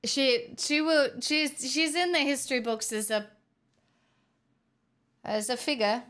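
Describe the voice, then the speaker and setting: A woman's voice: high voice, takes it slowly, fairly bright tone, clear, resonant tone. A young woman streamer chatting casually with her viewers, giggly and rambling. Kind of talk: casual live-stream chat.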